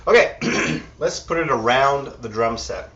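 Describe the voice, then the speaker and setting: Male drum instructor, easygoing, thinks out loud; dull, distant recording. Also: mid-range voice, unhurried. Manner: relaxed, counts beats aloud, thinks out loud. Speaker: drum teacher. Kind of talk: drum lesson with counting and demonstration. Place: drum kit room. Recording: distant mic, dull sound, loud drums. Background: drums and music.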